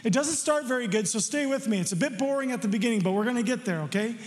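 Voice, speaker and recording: A middle-aged male pastor preaching a sermon, telling a childhood story in a playful, animated way with jokes for the congregation. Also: very high-pitched, fast talker, big-room sound. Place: church sanctuary.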